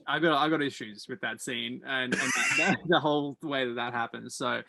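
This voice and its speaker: A man's voice: medium pitch, normal speed, creaky, noisy background. A man hosting a casual podcast interview, talking hesitantly with lots of fillers. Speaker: podcast host.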